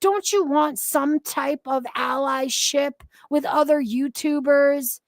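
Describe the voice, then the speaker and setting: A woman's voice: high-pitched, slow pace, no room sound. Ranting profane woman streamer. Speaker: commentary streamer. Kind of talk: angry live-stream commentary.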